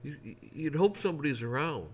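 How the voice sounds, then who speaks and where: A man's voice: fairly high pitch, sing-song, brisk. A middle-aged man talking in a casual, folksy way, rambling through an opinion monologue with frequent restarts. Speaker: vlogger.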